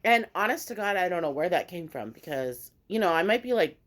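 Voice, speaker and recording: Woman vlogger, low voice with lots of pitch movement, animated, salty storyteller. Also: fairly quick. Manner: animated storytelling, swears freely. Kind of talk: casual mukbang chat.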